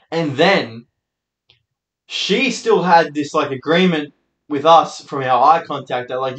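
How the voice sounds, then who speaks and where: A young man hosts, telling rambling, sweary, laid-back stories in a casual monologue. His voice is a little high and fairly bright, at a moderate pace, recorded in an echoey room.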